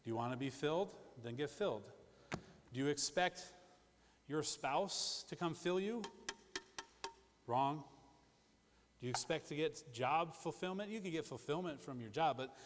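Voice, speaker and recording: A man preaching a sermon in a conversational, emphatic way, with quick asides to the congregation. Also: a little high, animated, a little hiss or hum. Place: church sanctuary. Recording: long church-hall reverb.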